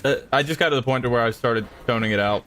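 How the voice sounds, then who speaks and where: A man on a gaming stream casually explaining how his mod works, relaxed, with restarts and chuckles. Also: mid-range voice, quick pace. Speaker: developer of the game mod. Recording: faint music behind.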